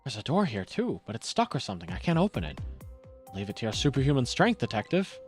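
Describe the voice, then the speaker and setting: A man's voice: mid-range voice, sing-song, quick pace, faint music behind. Levendige jonge man die een game becommentarieert. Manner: chatty, wry asides. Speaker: streamer. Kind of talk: casual game commentary, reading dialogue aloud.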